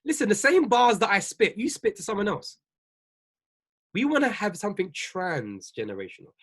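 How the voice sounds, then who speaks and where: A man's voice: sits high, very animated, normal speed, a bit bright, husky. A man, a business coach giving a preachy, emphatic livestream talk to his viewers. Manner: preachy, repetitive, emphatic, laughs often.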